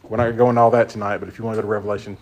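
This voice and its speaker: A man's voice: fairly low pitch, level tone, rapid-fire. Nadrukkelijke man die Bijbelles geeft. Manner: conversational, emphatic, asks the group questions. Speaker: Bible teacher. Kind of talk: informal Bible study teaching.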